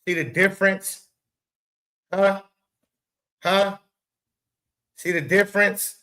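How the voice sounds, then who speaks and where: A man hosting a casual live stream, animated, swearing and talking back to his chat. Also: mid-range voice, a little slow, pauses often. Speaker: show host.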